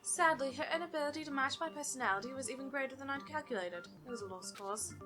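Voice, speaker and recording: A woman's voice: high voice, fast talker, sharp tone, faint music behind. A woman voicing a haughty teenage girl mastermind who lectures like a teacher, condescending and theatrical. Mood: smug lecturing. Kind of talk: fan voice-acting over a game.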